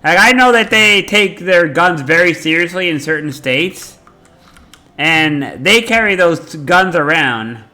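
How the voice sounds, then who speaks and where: A male streamer in casual chat, talking in a rambling, animated way and swearing freely. His voice sits a bit high and has a bright, forceful tone. Faint game music plays behind him. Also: unhurried.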